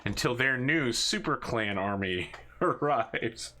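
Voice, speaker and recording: Male game master, lively storyteller, bright forward voice. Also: mid-range voice, takes it slowly. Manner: animated, jokey storytelling. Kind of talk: narrating a tabletop game.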